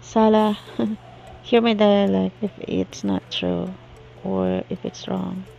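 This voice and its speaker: A Filipino woman vlogging as she learns new words, slowly thinking aloud and sounding them out. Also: medium pitch, sing-song, vocal fry, warm tone, dull audio, faint music behind. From Philippines. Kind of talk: casual language-learning vlog.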